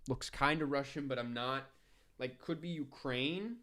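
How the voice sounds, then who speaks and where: A man hosting, thinking aloud and swearing softly as he plays a geography guessing game, into a close desk mic. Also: mid-range voice, a little slow. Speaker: podcast host playing a geography guessing game. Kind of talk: casual gameplay commentary.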